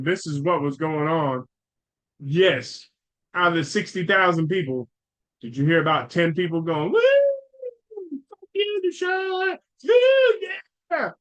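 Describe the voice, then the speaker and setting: A middle-aged man from Cleveland hosting a sports podcast, ranting in a profane, animated way. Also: a little high, poor audio. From Cleveland, Ohio. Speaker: podcast host. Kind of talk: casual sports talk.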